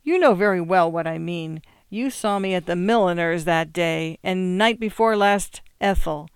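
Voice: medium pitch, normal speed, smooth, no room sound, clean studio sound, lightly acted. A reader doing a stern, scolding sister. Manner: scolding and blunt. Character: stern, disapproving woman, the man's sister.

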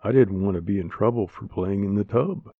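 A man narrating a story aloud in a slow, plain manner. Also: lowish voice, no echo. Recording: dry, tinny phone-like sound.

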